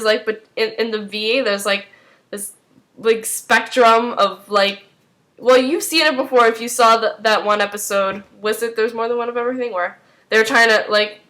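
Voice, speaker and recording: A woman's voice: mid-range voice, pushed and bright. A young woman casually recapping a TV episode, rambling with many fillers and briefly acting out the characters' lines. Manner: rambling, many "like"s, acts out lines in quick voices. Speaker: recap vlogger.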